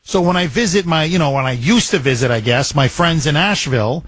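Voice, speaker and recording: A man's voice: a little high, brisk, fairly bright tone, no echo. A man hosting a talk radio show, emphatic and repetitive, piling up phrases into a studio mic.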